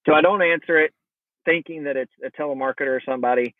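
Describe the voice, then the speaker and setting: A man's voice: fairly high pitch, fast, no echo. Man telling a story over a tinny line. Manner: animated, acts out quoted dialogue. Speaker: podcast guest. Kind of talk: casual storytelling interview. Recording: tinny phone-line sound.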